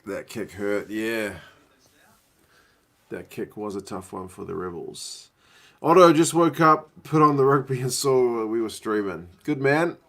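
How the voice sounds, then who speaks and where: A man's voice: lowish voice, animated, measured pace, fairly bright tone. A man hosting a casual live watch-along from his living room, chatting and answering viewers' questions. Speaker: livestream host.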